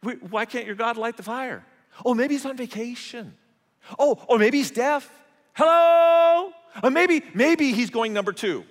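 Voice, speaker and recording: A man's voice: extremely high pitch, unhurried, in a large hall, voice pushed up. A man voicing a bold, defiant male prophet who taunts his rivals brashly. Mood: mocking.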